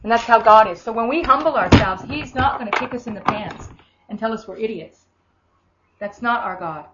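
A woman with an Australian accent preaching a sermon, telling stories in a chatty, animated way. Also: a little high, normal speed, heavy background noise. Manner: conversational, animated storytelling with acted quotes. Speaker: minister. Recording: echoey room, dull lo-fi sound.

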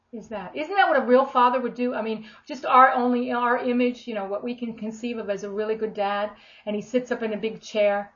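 A middle-aged woman giving an informal sermon, lively and expressive, acting out the voices she quotes. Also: on the high side, brisk. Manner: animated, acts out quoted voices with big swings in loudness. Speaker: preacher. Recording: dull lo-fi recording.

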